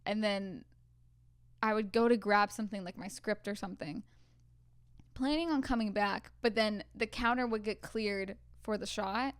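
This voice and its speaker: In clean studio sound with no echo, a young woman's clear, resonant mid-range voice moves at a moderate pace. Co-hosting a podcast, she shares casual film-set stories, peppered with many "like" fillers.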